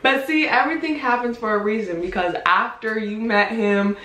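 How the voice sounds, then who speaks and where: Young woman, vlogger, casual storytelling, laughs a lot, high voice, echoey room. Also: moderate pace, background noise. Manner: animated, acts out quotes, laughs often.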